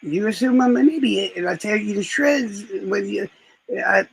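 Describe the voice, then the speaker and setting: Male streamer, casual chat; rough, husky voice, rambling delivery. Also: sits high, expressive, moderate pace, no room sound, low-quality recording. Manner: rambling, profane storytelling.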